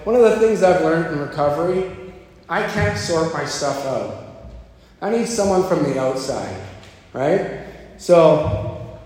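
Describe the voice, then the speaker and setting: A man telling his own recovery story at a meeting, slipping into a lower voice when he quotes others. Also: lively intonation, a little slow, pauses often, darkish tone. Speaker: speaker sharing at a recovery meeting. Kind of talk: personal recovery talk. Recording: echoey hall, faint ambience.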